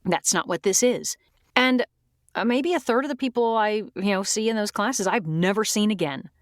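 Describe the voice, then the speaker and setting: A woman's voice: medium pitch, normal speed, no room sound, studio quality. A woman who coaches voice actors, talking candidly and plainly in a casual podcast interview. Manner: candid, straightforward, chatty.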